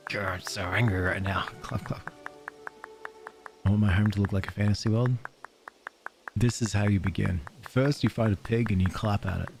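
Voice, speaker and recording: A man's voice: lowish voice, creaky. A young Australian man with an Australian accent, chatting casually on a game live stream, laughing often and thanking viewers.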